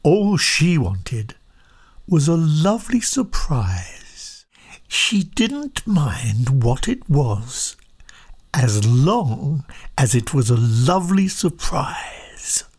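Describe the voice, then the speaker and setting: A storyteller reading a children's picture book aloud, soft and often half-whispered. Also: medium pitch, very animated, drawn-out words, husky.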